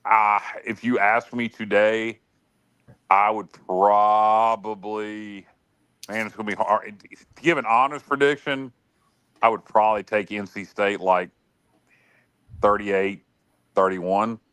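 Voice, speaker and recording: A man's voice: fairly low pitch, fairly even intonation, slow, pauses often, a bit bright, clean tone, no room sound. A man co-hosting a casual sports talk show, giving frank opinions with many hedges and restarted sentences. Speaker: podcast co-host and analyst.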